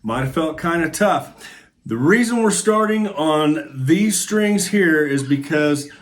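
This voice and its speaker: A man's voice: fairly high pitch, animated, slow pace. Encouraging man teaching guitar. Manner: friendly, encouraging, thinks aloud. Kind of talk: casual guitar lesson. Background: guitar playing.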